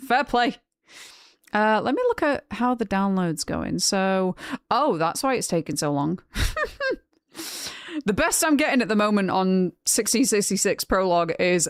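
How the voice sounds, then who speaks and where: Woman, young adult, game streamer, chatty, frank, laughing, mid pitch, dry sound. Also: no echo. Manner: chatty, laughs often, frank, swears casually. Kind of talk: casual chat with live chat.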